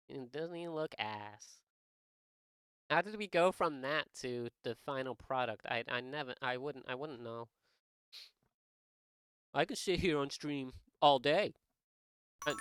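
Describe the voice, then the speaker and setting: Bright, crisp young man rambling on stream. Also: medium pitch, no room sound, studio quality. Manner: rambling, profane, joking, many restarts. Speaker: art streamer. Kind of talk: casual live-stream chat.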